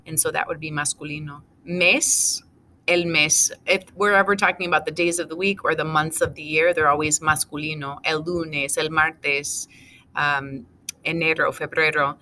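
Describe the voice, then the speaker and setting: Woman, teacher, recorded class lecture, low pitch, faint background noise. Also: little pitch movement, moderate pace, pushed and bright. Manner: methodical, going over answers item by item. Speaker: Spanish teacher.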